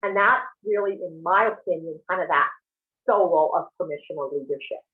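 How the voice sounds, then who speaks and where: A woman in a casual group discussion, telling stories in an animated way. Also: on the low side, fairly quick. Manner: animated storytelling. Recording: tinny phone-like call line.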